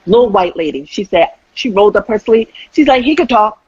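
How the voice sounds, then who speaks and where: Husky woman telling lively stories. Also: mid-range voice, brisk, dry recording, highs cut off. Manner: animated storyteller, acts out quotes. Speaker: host. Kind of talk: casual chat.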